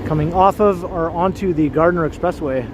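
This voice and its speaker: A man's voice: on the high side, moderate pace. A man hosting a walking livestream outdoors downtown, chatting casually with viewers and laughing often. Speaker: livestream host. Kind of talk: casual live-stream chat. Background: city traffic.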